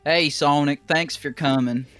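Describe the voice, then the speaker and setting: A man voicing a nervous but calm teenage male chameleon in a comic fan story, talking earnestly. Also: a little high, a little slow, clear, resonant tone, no echo, soft background music.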